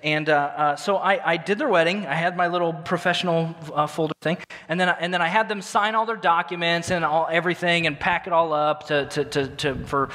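A male pastor with a high, bright voice tells a story from the pulpit in an animated, self-mocking way, tripping over his own words. The long reverb of a large church hall trails behind each phrase. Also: brisk, hardly any pauses. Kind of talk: storytelling sermon.

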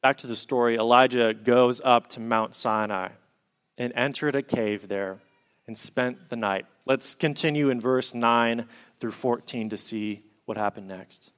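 A man's voice: medium pitch, steady tone, a little slow, a bit bright, clear, resonant tone. Guy preaching a sermon, earnest, explaining scripture, reads verses out. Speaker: pastor.

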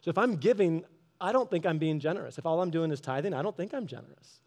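A man giving a casual devotional talk, telling a story in a lively way and acting out both sides of an argument. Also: on the high side, quick pace. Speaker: Christian speaker. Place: garage office.

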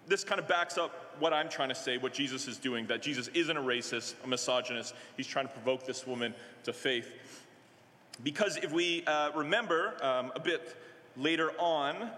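A male minister preaching a sermon in a conversational way, halting often with fillers and restarts. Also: a little high, bright, forceful tone. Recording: echoey hall with long reverb.

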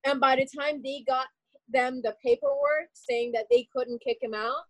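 A young woman with a high, bright-sounding voice tells a personal story in a loose, animated way, with "like" dropped into nearly every sentence. The recording is close and dry, with no room sound around her. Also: no room sound, poor audio. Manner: animated, rapid, full of "like" fillers. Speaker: guest telling a personal story. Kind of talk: casual storytelling.

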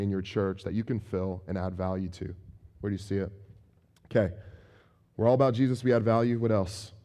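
A man preaching a conversational sermon, animated and acting out everyday examples. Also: mid-range voice. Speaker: pastor.

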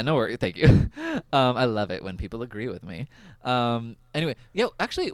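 A young man hosting a podcast, recapping an episode in casual chat, laughing often and filling pauses with "um" and "like". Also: mid-range voice, no echo. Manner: laughs often, goofy and animated, lots of fillers. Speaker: podcast host.

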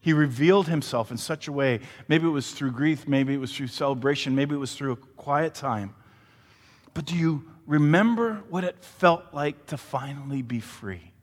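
Animated preacher man in a reverberant hall. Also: on the high side, moderate pace. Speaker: pastor. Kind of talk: sermon.

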